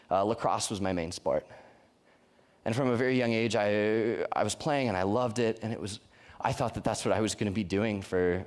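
A man's voice: fairly low pitch, a little mellow. Earnest young man preaching to a youth group. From Colorado. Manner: earnest, conversational preaching with frequent restarts. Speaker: youth pastor. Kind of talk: sermon. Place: church youth service.

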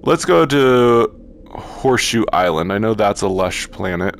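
A man commenting on a virtual reality game as he plays it, talking slowly and haltingly and gushing over the sights. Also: on the low side, lively intonation, vocal fry, a little hiss or hum. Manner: slow, halting, awestruck. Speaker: gaming YouTuber. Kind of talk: VR gameplay commentary.

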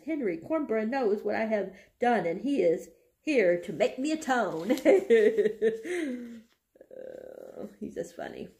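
A woman's voice: mid-range voice, wildly swooping pitch, takes it slowly, gravelly, dark tone. A young woman reads bits of a novel aloud to her viewers, laughing along as she goes. Her voice sits in an ordinary middle range, and her delivery is loose and conversational, not polished. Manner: reads passages aloud with frequent giggling. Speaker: book vlogger. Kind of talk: casual book reading and chat.

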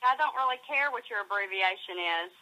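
A woman on a phone call, answering in a calm, dry, unbothered way. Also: on the high side, brisk. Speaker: call recipient.

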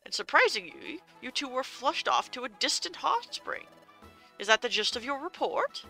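A woman's voice: sits high, big pitch swings, moderate pace, bright, forceful tone, faint music behind, full character voice. A woman voicing a fussy, pompous male bird steward from a game, bossy and formal, reading the game's dialogue aloud. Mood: questioning.

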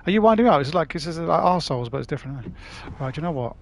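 A man from London, England, with a Cockney accent hosts a gaming livestream, chatting casually with viewers in a matey manner and swearing freely. He has a fairly high voice with lively intonation and vocal fry, and he talks at a racing speed.

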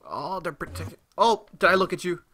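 A man giving live, excitable gameplay commentary, talking to himself, swearing and reacting loudly as he plays. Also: high-pitched, normal speed.

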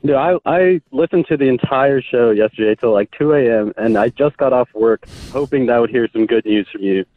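A man's voice: medium pitch, fairly quick, few pauses. A man calling into a radio show, ranting in exasperation at the co-host. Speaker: caller. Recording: tinny, dry phone line.

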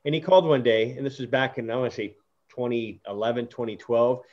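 A man's voice: mid-range voice, a little fast, lo-fi sound. A man hosting an interview, telling stories earnestly with many restarts and fillers. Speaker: host. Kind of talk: casual interview chat.

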